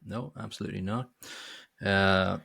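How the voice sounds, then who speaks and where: Man, very low voice, gravelly, casual movie podcast chat, rambling. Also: steady tone, moderate pace, bright, forceful tone. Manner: chatty, jokey, trails off mid-thought. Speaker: podcast co-host.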